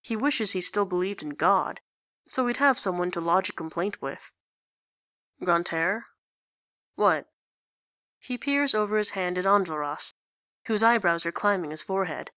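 A woman's voice: mid-range voice, expressive, moderate pace, sharp tone, dry recording. A woman reading a story aloud in a dry, wry narrating manner. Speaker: story reader. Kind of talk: reading fan fiction aloud.

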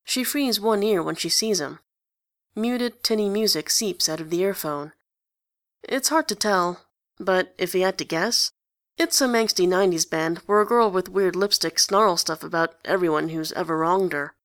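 A woman narrating a story in an even, conversational way. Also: lowish voice, moderate pace, no echo, studio quality. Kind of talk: story reading.

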